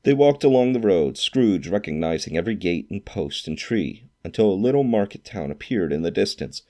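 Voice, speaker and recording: A man with a very low, dark voice narrates a classic novel in an expressive storytelling manner. He shifts into character for quoted lines. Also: normal speed.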